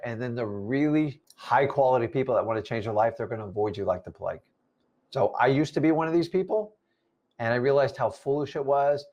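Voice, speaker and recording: A man's voice: medium pitch, muffled recording. A man in his fifties, a real estate investing coach, giving a blunt, preachy motivational talk and mocking complainers in put-on voices. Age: 50s. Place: lives in Florida.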